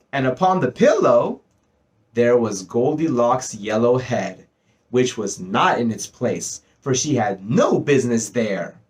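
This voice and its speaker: Brief: male storyteller, lively up-and-down delivery, bedtime reading voice. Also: mid-range voice. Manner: expressive, rises and slows for effect.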